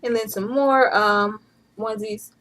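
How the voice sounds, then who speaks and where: A chatty woman in her thirties, from Atlanta, talks casually to her camera. She sounds playful and easygoing, with a voice of ordinary middle pitch. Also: steady tone, a little slow, a bit bright, rough recording. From Atlanta, USA. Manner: chatty and playful, with bursts of laughter. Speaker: vlogger. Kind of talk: casual vlog chat.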